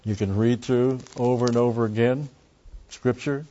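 A man's voice: medium pitch, fairly even intonation, moderate pace, mellow, slight background noise. A man teaching a Bible study, explaining words closely and driving points home with emphatic repetition. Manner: emphatic, repeats key phrases. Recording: dull lo-fi recording.

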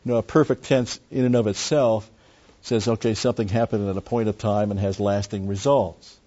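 Teaching a Bible study, this man uses a lowish, mellow voice with fairly even intonation and a fairly quick pace. He explains words in detail and stresses his points through emphatic repetition of key phrases, captured in dull lo-fi sound.

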